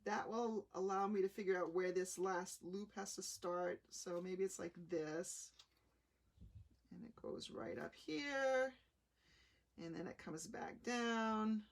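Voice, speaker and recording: A woman hosting a live card-making demonstration, explaining each step in a chatty, unhurried way. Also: medium pitch, gravelly. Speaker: craft demonstrator.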